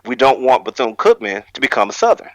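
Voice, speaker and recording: A man on a podcast panel who lays out a measured argument at length. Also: mid-range voice, big pitch swings, no echo, low-quality recording. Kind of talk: casual panel discussion.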